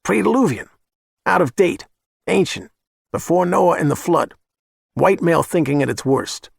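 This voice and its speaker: A man putting on a smug hired killer who lectures condescendingly, pitched above the narrator's usual voice. The audiobook sound is close and dry. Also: animated, a little fast, vocal fry, dry recording. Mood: lecturing, smug.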